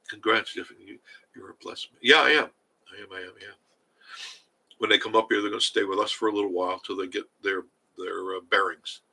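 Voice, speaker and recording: An older man hosting a casual live stream, reading viewer comments and chatting in a rambling way with a husky voice. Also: on the low side, sharp tone, rough recording. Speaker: livestream host reading chat.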